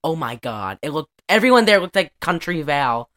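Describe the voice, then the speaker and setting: Low-pitched woman, casual co-host, profane and chatty. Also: sing-song, normal speed, fairly bright tone. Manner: chatty, profane, laughs often. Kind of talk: casual chat recapping a movie.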